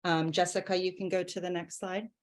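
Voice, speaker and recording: A woman's voice: fairly low pitch, little pitch movement, a little fast. A woman moderating an online education webinar over a video call, casual and full of fillers.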